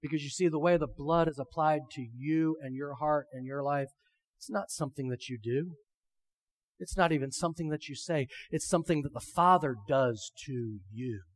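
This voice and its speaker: A man's voice: on the high side, normal speed. A male pastor preaching a sermon, reading scripture and stressing it with rhetorical questions. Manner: emphatic, rhetorical questions, reads scripture aloud.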